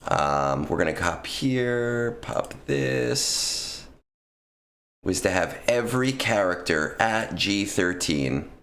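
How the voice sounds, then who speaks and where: A man's voice: on the low side, lively intonation, slow, creaky, a bit bright. A man streaming a game, chatting casually with viewers in a rambling way full of fillers. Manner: rambling, filler-heavy, talks to chat. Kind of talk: casual gaming stream chat.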